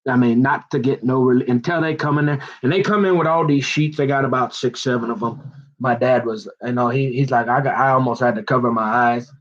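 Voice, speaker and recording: A man's voice: medium pitch, a little fast, lo-fi sound. A middle-aged man rambling in casual, digressive chat with folksy turns of phrase. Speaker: vlogger.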